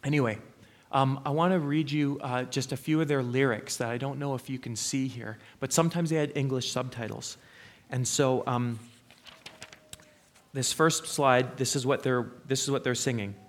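A man's voice: medium pitch, fairly even intonation, moderate pace. A middle-aged man preaching a sermon, telling stories in an earnest way with frequent "um" and "uh" fillers.

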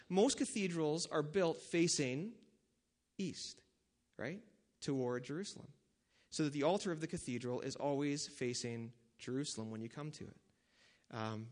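A male preacher with a slightly higher voice talks through his sermon like a chat with the congregation. He asks them questions as he goes and leans on "um" and "right?" along the way. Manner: conversational, asks the audience questions, many fillers. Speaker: pastor.

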